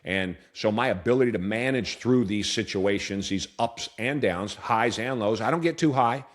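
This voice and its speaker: Low-voiced candid American businessman. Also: moderate pace. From Portland, Oregon, USA. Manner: candid, earnest, frequent restarts. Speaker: business owner guest. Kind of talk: reflective storytelling interview answer.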